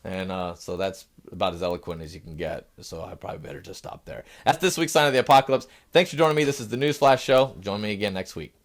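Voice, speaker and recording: A man's voice: low-pitched, quick pace, few pauses. A middle-aged man hosting a satirical news show, acting out shoppers and clerks and sometimes fumbling and restarting his lines. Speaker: host.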